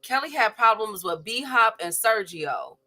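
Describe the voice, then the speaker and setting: A woman with a bright, forward voice talks boxing in an unhurried, hesitant way, thinking aloud between her points. She takes her time, pausing often to search for names. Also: fairly high pitch, expressive. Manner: slow and musing, many hesitations. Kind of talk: casual live stream banter.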